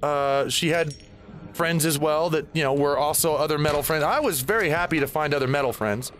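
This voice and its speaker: Brisk and on the high side, a gaming host in his forties rambles through a personal tale while playing. Game sounds run behind him as he gets animated and curses at the game.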